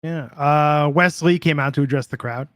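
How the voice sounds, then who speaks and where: A man's voice: a little high, moderate pace, a bit bright, dry recording, clean studio sound. A man co-hosting a podcast in casual chat, upbeat and moving the conversation from one topic to the next. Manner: upbeat, steering the rundown. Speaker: podcast co-host.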